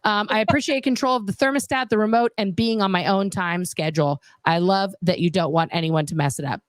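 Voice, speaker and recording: A woman's voice: medium pitch, brisk, no room sound. A woman in her forties hosting a casual livestream, chatting and reading viewer comments aloud, swearing now and then. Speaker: host.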